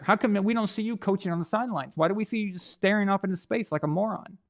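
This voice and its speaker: A sports show host rants about coaching in a blunt, profane way. His voice sits a little high and carries a gravelly fry. He keeps hammering the same point with angry rhetorical questions. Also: fast talker. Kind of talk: opinionated sports commentary rant.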